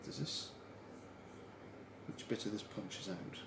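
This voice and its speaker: A man hosting a livestream, chatting casually and telling stories while crafting. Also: takes it slowly. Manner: lively, chatty storyteller. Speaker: livestream host. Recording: echoey room, faint background hiss.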